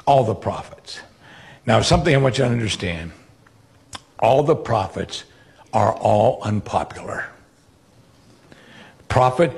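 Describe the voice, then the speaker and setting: A man preaching a sermon, retelling Bible stories with animated quoted voices. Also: mid-range voice, breathy edge.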